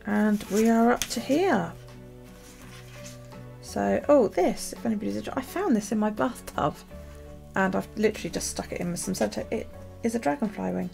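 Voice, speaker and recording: A woman chatting casually about her journal and her chores, rambling with many pauses and ums. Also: medium pitch, gravelly, darkish tone, soft background music. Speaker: journaling vlogger. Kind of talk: casual chat.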